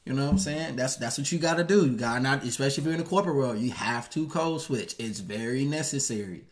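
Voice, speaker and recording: A man's voice: medium pitch, fast. A man hosting a live stream, talking casually in African American Vernacular English, slangy and repetitive. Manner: slangy, animated, repeats himself. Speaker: host.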